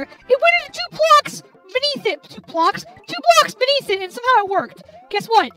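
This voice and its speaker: A young woman, tipsy from drinking, commenting loudly on a game she is playing, swearing and yelling at it as she goes. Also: very high voice, sing-song, moderate pace, few pauses, over loud music, poor audio. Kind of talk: let's play commentary while drinking.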